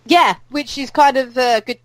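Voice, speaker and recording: Une femme à l'britannique, co-animatrice d'un podcast, qui bavarde en passant d'une idée à l'autre. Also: female voice, sits high, steady tone, normal speed, no echo, low-quality recording. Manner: chatty, jumps between thoughts. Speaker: podcast co-host. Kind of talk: casual chat.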